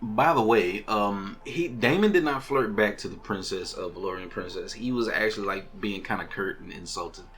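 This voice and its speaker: A man's voice: on the low side, normal speed, few pauses, crowd noise. A man hosting a casual podcast and recapping a TV episode, telling it animatedly and acting out lines in different voices. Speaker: podcast host.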